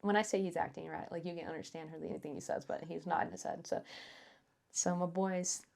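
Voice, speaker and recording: A low, gravelly woman co-hosts a casual podcast. She rambles through a story with many fillers and laughs along the way. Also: steady tone, fast talker, darkish tone. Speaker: podcast co-host.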